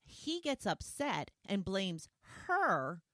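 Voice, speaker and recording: A woman's voice: medium pitch, big pitch swings, takes it slowly, fairly bright tone, no echo, studio quality. A woman hosting a solo podcast, talking conversationally and retelling scenes with quoted lines. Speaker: podcast host.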